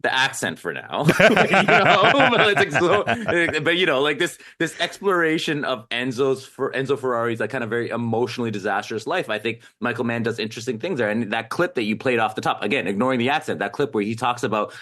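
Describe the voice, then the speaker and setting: A man's voice: mid-range voice, animated, a little fast, hardly any pauses, bright, forceful tone. A man film critic in a casual panel chat, rambling and full of fillers as he works through his thoughts.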